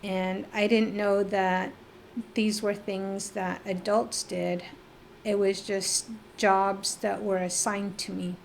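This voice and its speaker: Middle-aged woman from northeastern Arizona, interview guest; unhurried, reflective, halting delivery, mid-pitched voice. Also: level tone, creaky, slight background noise. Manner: slow, reflective, halting with pauses and fillers. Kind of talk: personal life-story interview.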